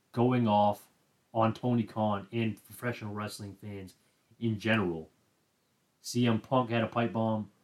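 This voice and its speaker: A man hosting a casual, enthusiastic recap of wrestling moments. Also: lowish voice. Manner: enthusiastic, chatty. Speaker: wrestling commentary host.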